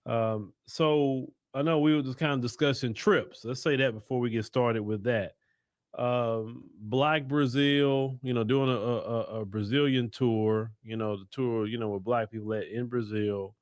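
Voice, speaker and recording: A man's voice: mid-range voice, steady tone, no echo. Chill guy running a live stream, lots of ums and restarts, dry close sound. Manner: unhurried, many fillers and restarts, chats with viewers. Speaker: host of a news live stream. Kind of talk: casual live-stream commentary.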